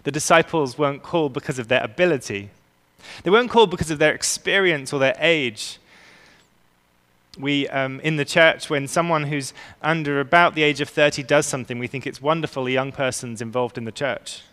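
A man's voice: a little high, fairly quick, fairly bright tone. Earnest male pastor in a reverberant church. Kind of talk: sermon. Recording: long reverb of a large hall.

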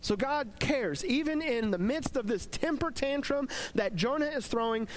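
A man preaching in a casual, conversational devotional style and retelling a scripture story in an animated way. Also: very high voice, normal speed.

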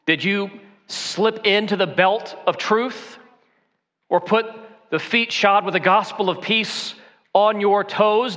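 A man's voice: high-pitched, a bit bright. A man preaching a sermon as a pastor, asking pointed rhetorical questions and pressing each point with emphasis. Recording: long hall reverb.

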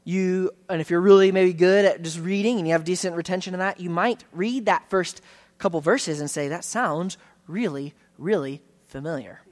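A pastor giving an earnest, conversational sermon in a church, often restarting phrases and slowing down on key words. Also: male voice, high-pitched. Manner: earnest, conversational preaching with frequent restarts and slowed emphasis.

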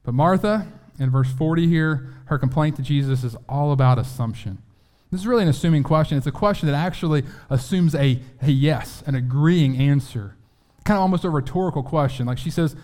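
A man's voice: fairly high pitch, brisk, mellow. A man preaching a sermon in a conversational way, acting out quotes and often restarting his sentences.

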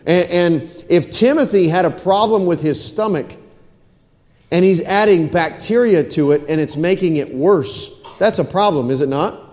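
A male pastor delivers a sermon in a fairly high voice. He keeps asking the congregation questions and repeats phrases for emphasis. The sound carries a long church reverb. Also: normal speed, darkish tone.

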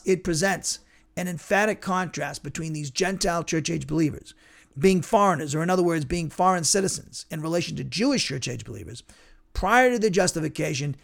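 Lowercase: guy giving a bible lesson, raspy gravelly voice, slightly higher pitch, keeps restarting sentences. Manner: rambling with frequent restarts and fillers; slow careful Greek word reading. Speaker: Bible teacher.

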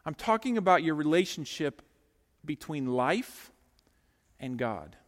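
Middle-aged guy preaching, kinda high voice, jokey storytelling, big church reverb. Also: measured pace. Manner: lively, joking storyteller who talks straight to the congregation. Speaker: pastor. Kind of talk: sermon. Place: church sanctuary.

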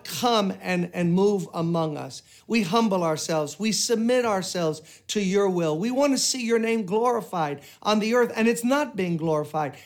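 An older man delivers a sermon in a fairly high voice. He preaches earnestly, with emphatic turns into prayer. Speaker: pastor.

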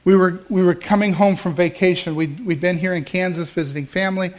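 A man's voice: sits high, steady tone, a little fast. A middle-aged male pastor preaching a sermon in a conversational, storytelling way, acting out the dialogue he quotes. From American Midwest.

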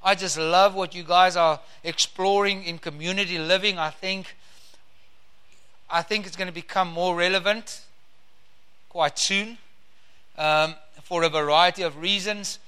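Fervent bright-voiced preacher. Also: male voice, high-pitched, steady tone, clear, resonant tone. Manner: fervent, drawn-out emphasis on key words. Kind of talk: sermon with scripture reading.

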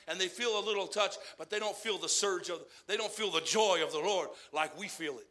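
A man from Arizona preaching a folksy sermon, repeating himself as he builds to loud exhortation and then drops quiet. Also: high-pitched, a little fast, few pauses.

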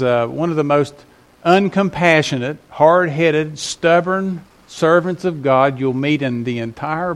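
Man preaching a conversational sermon. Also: on the high side. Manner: conversational preaching, rising emphasis on key points. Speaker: pastor.

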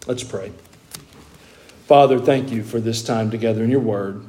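A man with a Southern US accent, a pastor preaching a sermon to his congregation in church, reading scripture in a slow, measured cadence and then preaching with folksy humor. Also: fairly low pitch, warm tone. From American South.

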